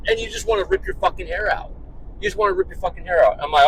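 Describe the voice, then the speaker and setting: A man's voice: high voice, racing, a little hiss or hum, low-quality recording. A man telling an exasperated, profane story about his morning, ranting in his car. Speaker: vlogger and dad.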